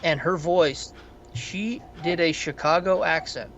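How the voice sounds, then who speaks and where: A man's voice: a little high, slow, highs cut off, background noise. A man co-hosting a podcast, chatting casually and profanely about a film in a rambling way. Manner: rambling, profane, animated storytelling. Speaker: podcast co-host. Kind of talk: casual film review chat.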